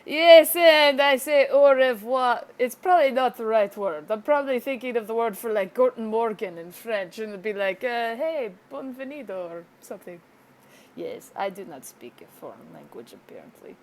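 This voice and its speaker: A woman's voice: mid-range voice, animated, a little fast, a little mellow. A woman narrating a casual weather screencast, rambling, joking and self-deprecating, and often unsure of herself. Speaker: amateur weather forecaster.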